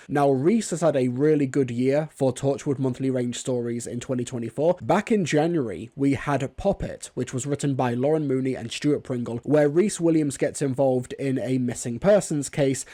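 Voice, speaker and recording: A man's voice: mid-range voice, dark tone. Man with a cold reviewing an audio drama. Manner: enthusiastic, chatty. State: has a cold. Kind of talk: online review.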